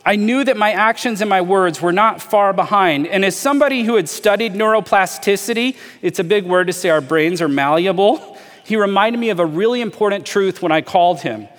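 A man preaching a sermon as a pastor, talking earnestly, inviting listeners to imagine with him and slowing down to stress key phrases. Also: high voice, fairly bright tone, long reverb tail.

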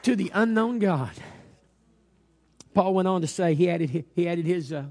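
A man's voice: high-pitched, animated, moderate pace, darkish tone. A man preaching a sermon, telling stories and building to fervent exhortation, with many repeated hallelujahs.

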